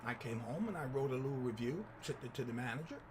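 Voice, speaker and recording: A man hosting his own channel, telling a personal story in lively commentary and acting out the people he quotes. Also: medium pitch, fast talker, background noise. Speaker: channel host.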